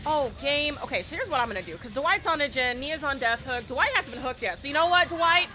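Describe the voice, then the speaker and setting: A woman streamer giving casual commentary while she plays, talking to her teammates and repeating phrases in quick bursts. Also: sits high, animated, pushed and bright. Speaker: streamer playing a horror game. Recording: game music behind voice.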